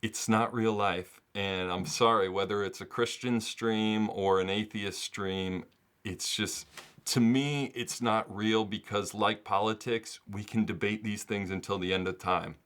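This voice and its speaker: Man, sports channel host, low-ish voice, chatty solo commentary with frequent chuckles. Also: fairly even intonation, measured pace, fairly bright tone, clear, resonant tone. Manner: chatty and earnest, laughs often mid-sentence. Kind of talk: casual solo commentary to camera. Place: home setup in the US.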